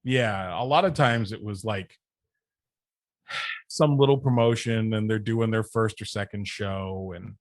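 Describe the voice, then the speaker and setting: A man, a podcast guest, casually telling an anecdote, animated and often laughing as he goes. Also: lowish voice, unhurried, no room sound. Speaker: podcast guest, wrestling manager. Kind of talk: casual storytelling chat.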